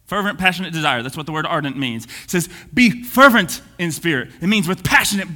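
A man preaching an energetic sermon, swinging from booming to hushed. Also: a little fast, hardly any pauses. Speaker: pastor. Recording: long reverb of a church hall.

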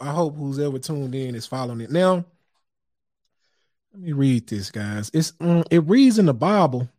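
Male podcast host, high voice, casual preachy monologue, chuckles and cusses freely. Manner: loose, preachy, chuckles often, curses casually. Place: home studio.

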